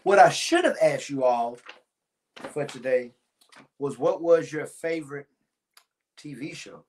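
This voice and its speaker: A man's voice: on the high side, unhurried, darkish tone. A man, chatting to viewers on a church livestream and telling a childhood story. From Timpson, Texas. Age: 40s. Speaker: pastor. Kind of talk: casual livestream talk to viewers.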